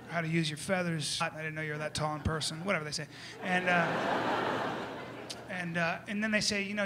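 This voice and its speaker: Male stand-up comic, high-pitched, rambling asides, noisy live room. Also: bright, forceful tone. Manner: loose, rambling with frequent "okay?" and "you know". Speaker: comedian. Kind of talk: stand-up comedy.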